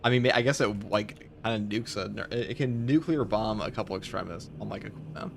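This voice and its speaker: Gravelly New York streamer, blunt. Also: male voice, on the low side, brisk, noisy background. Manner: blunt, joking, swears casually. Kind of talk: casual gaming stream chat.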